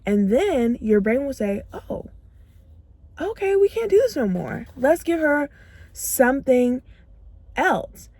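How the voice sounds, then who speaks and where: Emphatic higher-voiced woman vlogger. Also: dark tone, no echo. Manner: emphatic, repeats phrases for punch; acts out her own inner dialogue in quotes. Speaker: self-growth vlogger. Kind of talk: motivational talk to camera.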